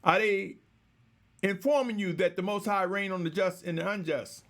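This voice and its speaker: A man delivering a slow, measured, exhorting sermon, repeatedly addressing his listeners as brothers and sisters. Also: sits high, creaky, fairly bright tone. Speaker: preacher.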